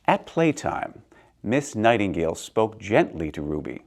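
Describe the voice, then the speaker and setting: A man reading a children's picture book aloud, swinging between soft and loud in an expressive way. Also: lowish voice, a little slow, gravelly. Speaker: storyteller, theater director.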